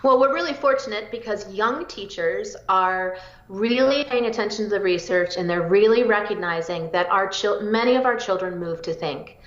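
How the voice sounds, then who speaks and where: Woman, psychologist guest, energetic and chatty, mid-pitched, echoey lo-fi recording. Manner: energetic, eager, rapid bursts. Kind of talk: interview answers. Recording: roomy, dull lo-fi audio.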